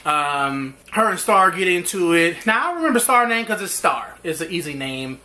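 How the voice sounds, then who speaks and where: Male reviewer, lively casual recap, bright voice, acts out the characters' lines. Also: high-pitched, normal speed. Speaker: TV show reviewer.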